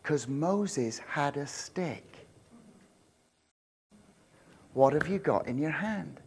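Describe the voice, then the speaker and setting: A man preaching a sermon in a conversational, joking way, building to loud, repeated emphatic lines. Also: fairly high pitch, lively intonation, extremely slow, husky. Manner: jokey asides, laughs with congregation. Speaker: pastor.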